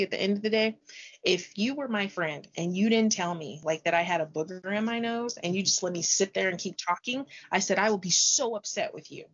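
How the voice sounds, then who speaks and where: A woman's voice: mid-range voice, husky, highs cut off. A middle-aged woman, a teacher, chatting casually in an interview and acting out classroom conversations as she tells them. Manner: animated storyteller acting out dialogue.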